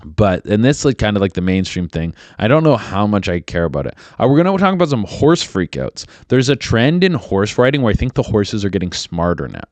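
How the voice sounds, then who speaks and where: Low-voiced young man rambling casually. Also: sing-song, fairly quick, few pauses, a little mellow, no room sound. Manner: rambling, profane, many fillers. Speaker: podcast host. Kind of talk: casual solo podcast chat.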